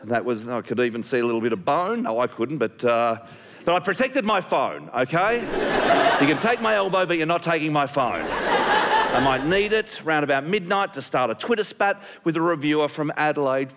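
A man doing stand-up comedy and telling a story in an animated, shouty way. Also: on the high side, fairly quick, over a noisy crowd.

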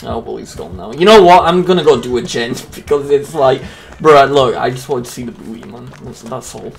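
Excitable swearing gaming commentator. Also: male voice, medium pitch, a little fast, creaky. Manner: excitable, swears a lot, jokey. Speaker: gaming YouTuber. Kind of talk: casual gameplay commentary.

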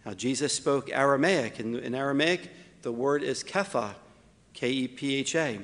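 A man, a priest, preaching a homily with wry asides, slowing down to stress key points. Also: mid-range voice, big-room sound. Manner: slows down for emphasis, wry asides.

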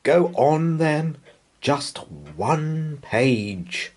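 A man's voice: a little high, expressive, extremely slow, pitched above the performer's own voice, full character voice. A weary storybook mother elephant, as a man puts her on. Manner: exasperated, sighing.

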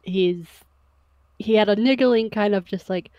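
A woman playing in a tabletop game, describing her character in a lively way. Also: mid-range voice, no echo, muffled recording. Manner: lively, quick to laugh. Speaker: player.

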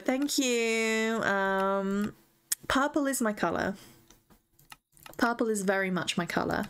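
A woman's voice: medium pitch, slow, pauses often, a bit bright, slight background noise. A young woman chatting casually while playing a game, gushing over what she finds and talking to herself and the in-game animals. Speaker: gaming streamer. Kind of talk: casual gameplay chat.

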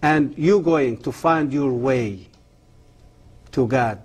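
A man, the guest of an interview, gives his testimony and then preaches straight to the camera. He speaks earnestly, in halting English with broken grammar. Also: mid-range voice, husky. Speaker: guest, former Islamic professor.

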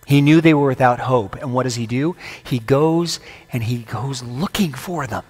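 Conversational preacher in a reverberant church. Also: male voice, medium pitch, moderate pace, slightly rough. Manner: conversational, quizzing the congregation with questions; playful humorous asides. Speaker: guest preacher. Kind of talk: sermon. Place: church sanctuary. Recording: long church hall reverb.

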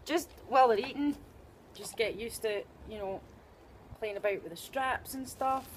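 Her slightly high voice moves at a normal speed over faint background noise. She's a Scottish woman with a Scottish accent running a cheerful, talkative dog-training demo and tossing in jokes along the way.

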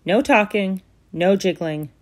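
A woman reading a storybook aloud, voicing a gruff, grumbling old male woodcarver who is curt and dismissive. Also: medium pitch, unhurried, close to an everyday voice.

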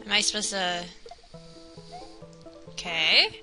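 A young woman giving casual, excitable commentary while playing a video game, talking to herself and the game. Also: mid-range voice, takes it slowly, rough recording. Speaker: let's player. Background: game music.

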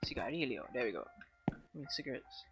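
A woman's voice: a bass voice, very animated, fast. A woman hosting a let's-play, giving joking, sarcastic running commentary. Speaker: gaming channel host. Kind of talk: casual let's-play chat. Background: game music.

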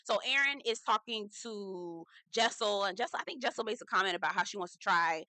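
A woman's voice: mid-range voice, expressive, fairly quick, bright, forceful tone, no room sound. A woman giving a casual, slangy reality TV recap, swearing freely, laughing at her own points and calling the listener "girl".

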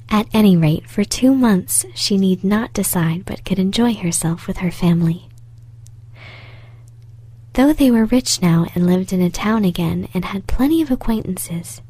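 A woman softly reading a fairy tale in a slow, soothing, breathy whisper. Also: mid-range voice. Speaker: storyteller. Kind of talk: whispered storytelling.

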